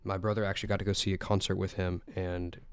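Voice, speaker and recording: Low flat-voiced teen podcast host. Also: male voice, quick pace, clean tone. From South Carolina, US. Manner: chatty, rambling, enthusiastic. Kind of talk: casual music roundup podcast.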